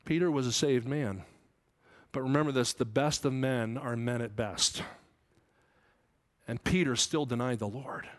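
A man preaching a Bible sermon, asking his listeners questions and rising loud and high when he quotes scripture. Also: unhurried, pauses often. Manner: asks the congregation questions. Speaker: pastor. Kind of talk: expository sermon.

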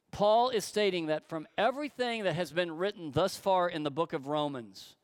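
A man preaching a sermon to his church, emphatic and slowing on key words. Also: on the high side, clear, resonant tone, no echo, studio quality. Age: adult, grew up in church. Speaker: pastor.

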